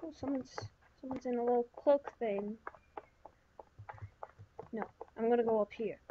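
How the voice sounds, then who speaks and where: A woman's voice: a little high, normal speed, highs cut off, slight background noise. A woman giving chatty, rambling let's-play commentary, talking to herself with lots of fillers. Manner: rambling, chatty self-talk with many fillers. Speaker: gaming channel host.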